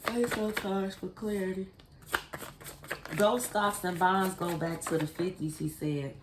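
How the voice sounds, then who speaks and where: A woman's voice: lowish voice, fairly even intonation, a little slow. A woman giving a casual spiritual card reading to her viewers, blunt and profane, speaking straight to them. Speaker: tarot card reader. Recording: echoey room with faint noise.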